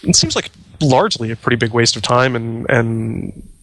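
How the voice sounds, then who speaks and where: Male co-host, mid pitch, relaxed rambling explainer. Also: moderate pace, no echo, rough recording. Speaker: podcast co-host. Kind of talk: casual discussion.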